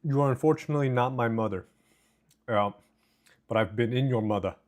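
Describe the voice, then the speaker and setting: Brisk and darkish in tone, the man's medium-pitched voice carries his home live stream. He eats while chatting casually and reading chat messages aloud, speaking indoors into a noise-cancelling desk microphone.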